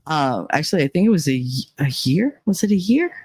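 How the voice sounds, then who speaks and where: A woman's voice: low-pitched, sing-song, a little fast, a little mellow, breathy edge, no echo. Middle-aged woman chatting on stream, swears a lot, blunt storyteller, dry close sound. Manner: candid, profane storytelling, acting out quoted people. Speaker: livestream host. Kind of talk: casual chat.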